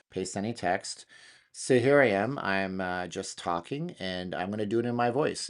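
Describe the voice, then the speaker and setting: Excitable slangy man hosting a studio chat. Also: deep voice. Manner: excitable, slangy, thinking aloud. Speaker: channel host. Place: home studio.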